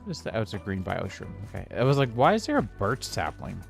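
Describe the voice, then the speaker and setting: A man's voice: fairly low pitch, wildly swooping pitch, fairly quick, vocal fry, faint music behind. A man streaming a building game, rambling casually and now and then snapping in exasperation at the game. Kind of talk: casual gameplay commentary.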